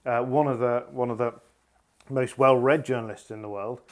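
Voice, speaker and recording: A man trades rally news with his co-host in a relaxed, wordy way. He tells long anecdotes and drops in jokes as he goes. His pitch sits at an ordinary middle height for a man. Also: moderate pace. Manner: chatty, jokey, wordy storyteller. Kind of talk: casual chat.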